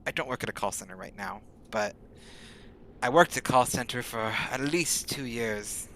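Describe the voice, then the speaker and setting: A man chatting casually while streaming a game, rambling and often speeding up into rapid talk. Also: mid-range voice. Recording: steady background noise.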